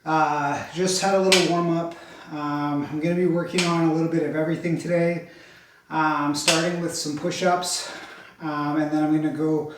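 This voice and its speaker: A man's voice: fairly high pitch, flat delivery, normal speed, far from the mic, noisy background. A man recording a casual workout check-in vlog, a little out of breath, rambling with lots of ums and uhs. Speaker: fitness vlogger. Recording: very echoey room, off-mic.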